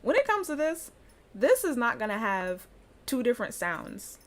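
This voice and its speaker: A woman's voice: fairly high pitch, very animated, normal speed. A woman giving a casual pronunciation lesson, chatty and loose, often breaking into laughter as she explains. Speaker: language teacher.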